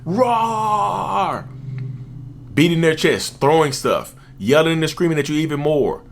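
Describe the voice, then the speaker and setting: A man's voice: fairly high pitch, expressive, moderate pace, a little hiss or hum. A man hosting his own channel, talking casually with emphatic repetition and occasional chuckles. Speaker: channel host, self-described narcissist. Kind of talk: casual talking-head commentary.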